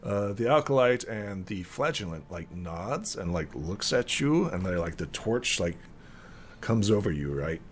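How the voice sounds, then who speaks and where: A young man runs a tabletop game in a lowish voice. His narration rambles along, full of fillers and restarts. He describes the scene in a loose, casual way. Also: big pitch swings, a little slow, faint music behind. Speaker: game master.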